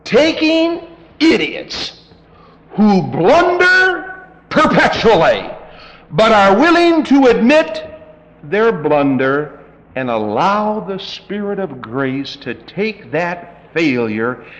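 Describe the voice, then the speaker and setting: A man's voice: high voice, very animated, takes it slowly, a bit bright. A male pastor preaching a sermon in a folksy, emphatic and dramatic way, in a reverberant church hall.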